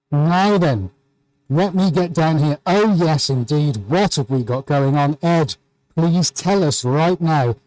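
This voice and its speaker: A man's voice: on the high side, a little mellow, low-quality recording. Upbeat man hosting a live art stream. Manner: upbeat, chatty, greets viewers by name. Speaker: artist hosting a live painting tutorial. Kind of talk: live-stream chat and demonstration. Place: art studio.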